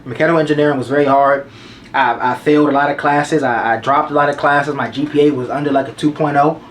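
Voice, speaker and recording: A man's voice: a little high, steady tone, fast talker, slight background noise. A man in his twenties giving life advice to the camera in a casual, slangy way, repeating his points for emphasis. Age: 20s.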